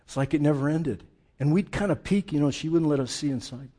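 A male pastor preaching a sermon, telling humorous family stories with lively, dramatic delivery. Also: fairly high pitch. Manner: animated, humorous storytelling, dramatic slowdowns.

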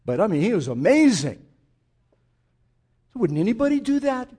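A man's voice: high-pitched, big pitch swings, normal speed, mellow, husky. A male pastor preaching a sermon, speaking straight to his congregation and acting out the voices of the people in his story.

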